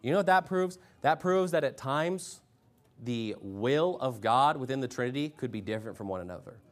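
A man preaching a sermon as pastor, forceful, rising loud when he reads scripture, and clearing his throat often. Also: mid-range voice, lively intonation, normal speed.

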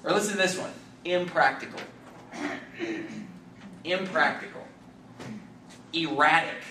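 A middle-aged man preaching a sermon as pastor, emphatic and excitable, his voice rising into shouts. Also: fairly high pitch, takes it slowly. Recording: echoey hall from far off, faint noise.

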